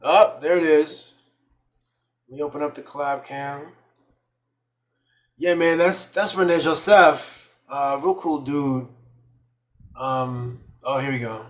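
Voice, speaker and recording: A man's voice: on the high side, takes it slowly, long pauses. A man hosting a casual conversation, easygoing and laughing along with his guest. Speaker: podcast host. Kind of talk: casual chat.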